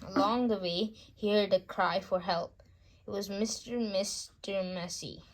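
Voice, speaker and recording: A woman reading a children's bedtime story aloud, gentle and unhurried, with small slips. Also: mid-range voice, steady tone.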